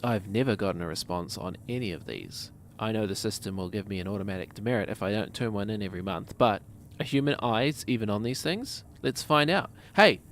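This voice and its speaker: A man's voice: lowish voice, lively intonation, fairly quick, hardly any pauses, fairly bright tone, slight background noise. A man with a New Zealand accent, casually commenting on a game and reading its messages aloud with jokes. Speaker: streamer.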